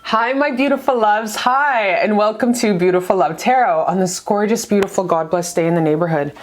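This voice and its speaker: A woman hosting a casual tarot reading for her viewers, her voice pitched right at an ordinary middle height. She gushes over her audience with affection and drops slangy, frank remarks freely. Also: normal speed, slight background noise. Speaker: tarot reader.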